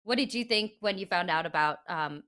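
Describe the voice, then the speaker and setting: A woman's voice: lowish voice, animated, a little fast, sharp tone. A woman co-hosting a casual celebrity news chat, upbeat and chatty, laughing often. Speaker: co-host.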